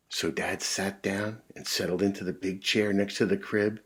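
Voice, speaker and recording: A man reading a children's picture book aloud, animated, with big voices and sound effects. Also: sits low, moderate pace, few pauses, husky. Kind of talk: read-aloud storytelling for kids.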